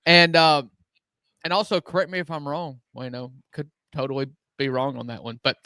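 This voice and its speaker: Easygoing co-host, dry sound. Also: male voice, on the high side, normal speed, no room sound. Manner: relaxed, friendly, with many fillers. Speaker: podcast co-host. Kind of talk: casual sports talk.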